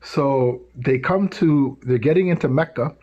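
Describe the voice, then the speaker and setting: Husky man telling stories to kids. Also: medium pitch, unhurried, lo-fi sound. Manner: casual, animated, tags lines with "right?"; acts out quoted voices. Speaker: youth speaker. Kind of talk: storytelling talk to tweens.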